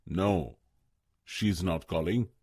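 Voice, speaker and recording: A man's voice: low voice, takes it slowly, a little mellow, husky, voice pushed down, exaggerated voice. A man voicing a wise, stern old male stag in a read-aloud story, grave and commanding.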